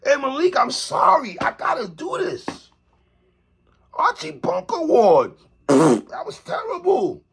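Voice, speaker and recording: Speaking at a measured pace in a very high-pitched voice, a male commentary vlogger gives an animated opinion piece aimed at a TV host. Again and again he appends "sister, respectfully."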